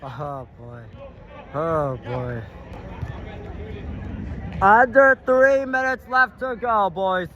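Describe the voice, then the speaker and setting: A man giving excited amateur play-by-play from the sideline of an outdoor stadium field, shouting at big plays and calling out to players and the referee. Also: high-pitched, extremely slow, long pauses, lo-fi sound. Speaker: sideline commentator filming the match.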